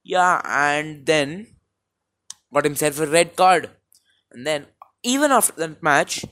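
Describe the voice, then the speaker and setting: A young man from India with an Indian English accent, rambling through a casual football recap with many fillers and restarts on a low-quality home mic. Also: a bit bright. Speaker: football vlogger. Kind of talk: casual match recap monologue.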